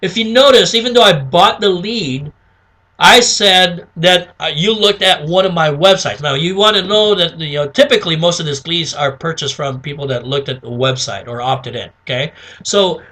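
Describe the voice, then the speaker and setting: A high-pitched man runs a casual sales lesson. His voice is bright and forward, and he keeps checking in with "okay?" while acting out little phone calls. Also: moderate pace. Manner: chatty, repeats "okay?", acts out sample phone calls. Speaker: sales trainer. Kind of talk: casual instructional talk.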